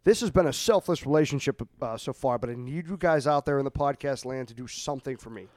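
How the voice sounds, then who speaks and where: A man hosting a casual comedy podcast, playful and quick to laugh. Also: mid-range voice, darkish tone, no echo. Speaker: podcast host.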